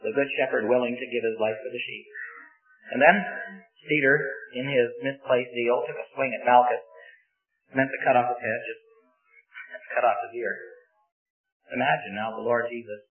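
A man delivers a sermon in a lively storytelling way, often asking his listeners questions. The sound is thin and phone-like, with faint music behind him. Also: medium pitch, normal speed, pauses often. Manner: animated storytelling with rhetorical questions. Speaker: preacher.

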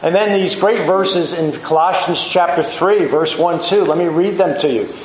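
A man preaching in an easy, conversational way, stopping often to put questions to his listeners. His voice sits a little high for a man. It rings with the echo of the room, and a faint hum of ambience sits behind him. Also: moderate pace. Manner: conversational, reflective Bible teaching with rhetorical questions. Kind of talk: sermon.

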